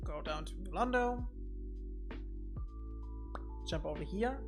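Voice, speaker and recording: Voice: mid-range voice, expressive, takes it slowly, over music. A streamer giving casual gameplay commentary on a desk mic, thinking aloud and often repeating words while explaining boss fights.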